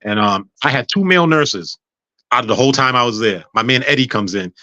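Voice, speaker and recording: A man's voice: medium pitch, fairly quick, no echo, muffled recording. A man speaking as a guest on a podcast, telling a personal story casually and acting out what other people said. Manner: animated, acts out other people's words.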